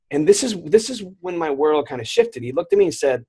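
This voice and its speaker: A man in his thirties tells his story as a guest, quickly and with a slightly high, husky voice. He slips into the voices of the people he quotes. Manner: animated, acts out quoted voices. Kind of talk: storytelling interview.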